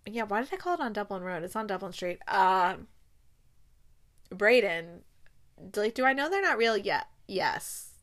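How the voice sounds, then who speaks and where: A woman's voice: medium pitch, sing-song, normal speed, a bit bright. A young woman chatting casually about books she has read, gushing and rambling with many fillers and restarts. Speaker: book reviewer. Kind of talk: casual book review chat.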